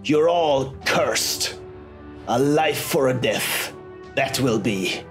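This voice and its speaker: A man reading out the lines of a violent male wraith from a video game in a slow, drawn-out voice. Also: mid-range voice, expressive, faint music behind. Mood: cursing.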